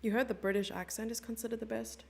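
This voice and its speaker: Fairly high-pitched, level in tone and creaky, this young South African woman talks fast while commentating a live chess stream. She's giggly and casual with her audience, chatting away and reading out their messages.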